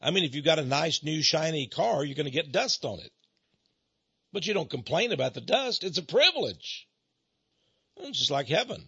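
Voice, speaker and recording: Middle-aged male radio preacher, husky and dry, impassioned rant with frequent laughs. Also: on the high side, very animated, normal speed, bright, forceful tone, no room sound, muffled recording. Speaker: radio ministry host. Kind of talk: ranting radio monologue. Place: radio studio.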